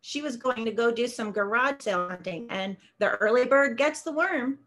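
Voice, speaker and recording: A woman reads her own short story aloud in a measured, steady voice that sits a little high. She was recorded over a video call during a literary reading.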